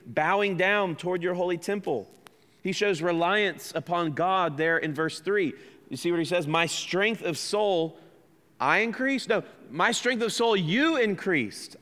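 Speaking in a large hall, an American man whose voice sits on the high side and sounds a bit bright preaches as pastor in a church sanctuary. The sermon is earnest and conversational, with questions aimed at his listeners and jokes at his own expense.

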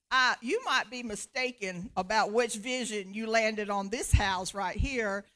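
A man's voice: very high-pitched, big pitch swings, moderate pace, sharp tone, voice pushed up, full character voice. A woman preaching acts out a stubborn, indignant devout man with huffy, emphatic refusals.

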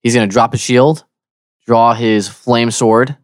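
A man's voice: medium pitch, a little slow, no echo, clean studio sound. A man playing a tabletop game in casual chat, adding up his damage rolls aloud. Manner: relaxed, counts damage aloud. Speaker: player.

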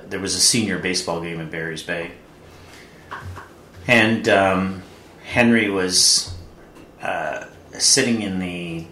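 Older man, very low voice, slow and halting, amused storyteller, roomy sound. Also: a bit bright. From Canada. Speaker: son recalling his late father. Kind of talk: anecdotal storytelling. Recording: roomy with faint noise.

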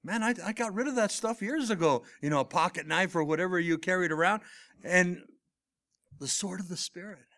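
Preaching quickly in a high-pitched voice, a middle-aged male pastor swings from loud, emphatic delivery down to soft near-whispers and back.

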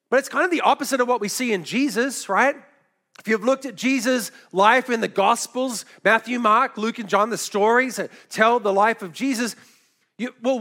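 A middle-aged male pastor giving a sermon in a conversational, storytelling way, with quick asides and light laughs. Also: high-pitched, creaky, pushed and bright.

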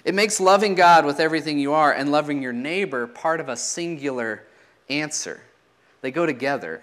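A man's voice: fairly high pitch, expressive, moderate pace, a bit bright. Man, preacher, sermon, teaching tone, rhetorical questions, falling phrase ends.

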